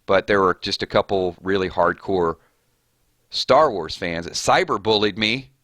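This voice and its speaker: A man's voice: sits low, a little slow, a bit bright, dry recording, clean studio sound. A man chatting casually with his viewers while live-streaming a game, rambling off on tangents. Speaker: gaming streamer.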